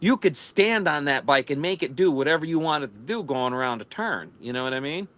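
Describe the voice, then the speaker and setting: A man's voice: a little high, lively intonation, fairly quick, fairly bright tone. A man with an American accent telling rambling stories in a casual livestream chat, laughing often. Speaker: livestream co-host.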